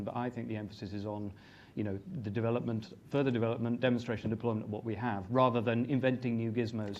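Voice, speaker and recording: A man speaking as an academic panelist at a conference, giving measured and articulate explanations. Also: medium pitch, darkish tone. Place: conference stage. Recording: dull, lo-fi recording with faint noise.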